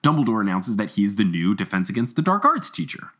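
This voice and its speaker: A man's voice: on the low side, big pitch swings, fast talker, a bit bright. A man hosting a podcast, chatting casually about a book, laughing often and putting on silly voices for quotes. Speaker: podcast host. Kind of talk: casual chat recapping a book.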